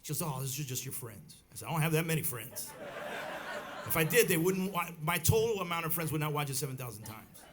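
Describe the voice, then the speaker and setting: A middle-aged bandleader telling a rambling story on stage at a live club, with many restarts and acted quotes. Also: male voice, on the high side, animated, fast. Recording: live club recording with faint crowd noise.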